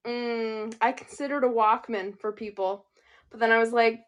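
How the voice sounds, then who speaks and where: A young woman co-hosting a podcast, enthusiastic and jokey in easy back-and-forth chat. Her voice sits high. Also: fairly even intonation, normal speed. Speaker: podcast co-host. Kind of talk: casual chat.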